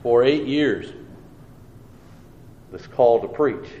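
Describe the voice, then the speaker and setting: A man's voice: medium pitch, expressive, very slow, mellow, lo-fi sound. Earnest man telling his testimony, roomy sound. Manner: earnest storytelling with homespun phrasing; acts out his own thoughts and replies. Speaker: preacher. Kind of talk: personal testimony. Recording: roomy with faint background noise.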